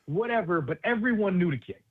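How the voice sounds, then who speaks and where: A man's voice: sits high, expressive, a little fast. A man from New York City, a basketball analyst guest, chatting casually and animatedly on sports radio with street slang, over a tinny phone line.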